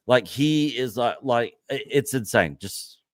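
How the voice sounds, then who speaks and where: A man co-hosting a casual online pop culture news show, talking in an animated, sarcastic way. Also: mid-range voice, unhurried, no room sound, studio quality. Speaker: podcast co-host. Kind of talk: casual panel chat.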